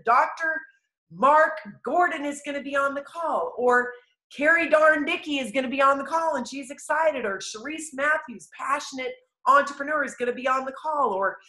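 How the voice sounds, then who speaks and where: A woman giving an energetic, enthusiastic motivational training talk to a sales team, telling stories with animated emphasis. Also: high-pitched, roomy sound. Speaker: network marketing trainer.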